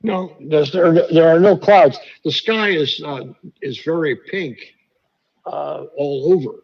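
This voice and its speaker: A man in a casual voice call, talking in a dry, teasing and unhurried way. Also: on the high side, creaky, highs cut off. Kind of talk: casual chat over voice call.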